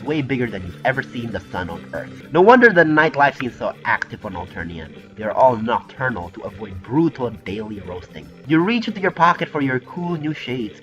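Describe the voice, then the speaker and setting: A man's voice: medium pitch, bright, forceful tone. Casual man reading a game aloud. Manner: casual, offhand, swears often. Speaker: game player. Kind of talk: reading a visual novel aloud with casual commentary. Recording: muffled recording with faint background music.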